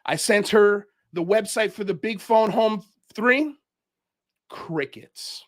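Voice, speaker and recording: Slow, ranting male show host. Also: high-pitched. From Miami, United States. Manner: ranting, calls people out, exasperated. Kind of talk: heated livestream commentary.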